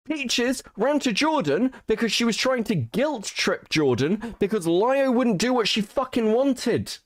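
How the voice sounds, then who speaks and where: A man's voice: high voice, dry recording, clean studio sound. A man hosting a casual commentary stream, swearing and restarting as he gets worked up. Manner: heated, swearing, frequent restarts. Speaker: stream host.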